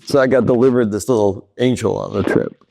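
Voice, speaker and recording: A man guest in a casual interview, telling candid stories in an animated way, laughing often. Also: lowish voice, brisk, gravelly.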